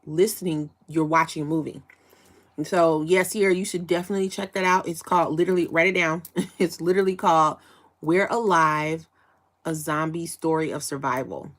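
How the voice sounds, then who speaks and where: Young woman livestream host, lowish voice, bubbly and chatty. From United States. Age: young adult. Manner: bubbly, chatty, breaks into excited high squeals. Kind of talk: casual livestream chat with viewers.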